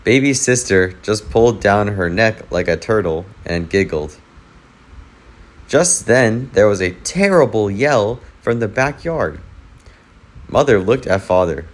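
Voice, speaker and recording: Slow, low-voiced male storyteller. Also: expressive. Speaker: narrator. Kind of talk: reading a children's picture book aloud.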